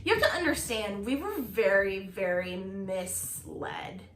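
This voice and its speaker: A woman's voice: medium pitch, very animated, measured pace. A young woman chiming in on a shared story with wry, matter-of-fact asides. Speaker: co-host. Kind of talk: casual chat. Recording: roomy, distant mic, faint noise.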